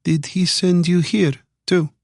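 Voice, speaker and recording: A man voicing a young Eastern European woman who is guarded but curious, asking careful questions in a raised, soft voice. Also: sits high, fairly even intonation, takes it slowly, creaky, no echo, studio quality, pitched above the performer's own voice, full character voice.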